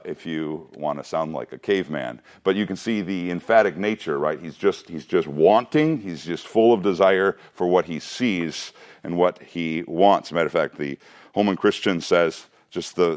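A man teaching a Bible class, mixing reading with joking asides and questions to the students. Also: sits low.

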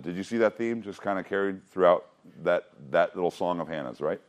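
Leading a Bible study in a low-pitched voice at a slightly quick pace, this man keeps things casual. He asks the group questions, jokes as he goes and often restarts.

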